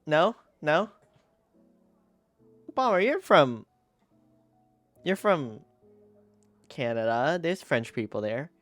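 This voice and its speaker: A man's voice: on the high side, animated, very slow, pauses often, dry recording, soft background music. A male streamer chatting casually and giggling often while playing a game. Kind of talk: casual gaming stream chat.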